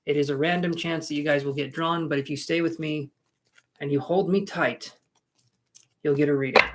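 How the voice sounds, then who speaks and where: A man's voice: on the high side, fairly even intonation, moderate pace, fairly bright tone, a little hiss or hum. A man giving live-stream tarot readings, chatty and rambling, making jokes at his own expense. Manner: rambling, self-mocking, chatty. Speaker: tarot reader.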